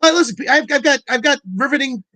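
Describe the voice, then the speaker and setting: A man in his thirties co-hosting a comedy chat show, rambling on in a flat, uninflected way. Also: very high-pitched, fast, dry recording, rough recording. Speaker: co-host.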